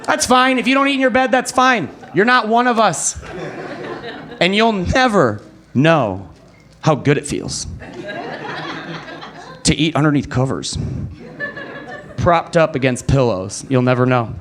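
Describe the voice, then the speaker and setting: Young man, stand-up comic, animated storyteller, voice leaping high for characters, live club set. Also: unhurried, long pauses, some chatter behind. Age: young adult. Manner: animated storyteller who jumps high to act out other people. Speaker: stand-up comedian. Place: comedy club stage. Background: live audience.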